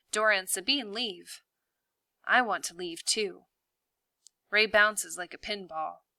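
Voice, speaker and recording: Woman teacher, reading a novel aloud, slow and deliberate, bright tone, dry close sound. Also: fairly low pitch, clear, resonant tone, no echo.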